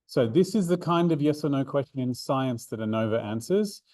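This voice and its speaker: A man's voice: mid-range voice, expressive, normal speed, darkish tone, no room sound. A man, a maths learning centre coordinator, explains a revision seminar step by step with fillers and restarts. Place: room, drawing notes for an overhead camera.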